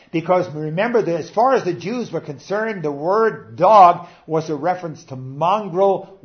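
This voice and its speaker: Man, preacher, sermon, earnest, emphatic then hushed, higher voice, muffled lo-fi sound. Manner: earnest, rising to emphatic peaks and dropping low. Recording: dull lo-fi recording.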